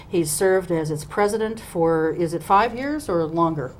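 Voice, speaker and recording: A woman hosts a local cable talk show in a slightly low voice, chatty and loose, her sentences full of ums and uhs. Now and then she laughs at herself. A faint hiss sits under the recording. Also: unhurried, rough recording. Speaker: host. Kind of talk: local TV interview.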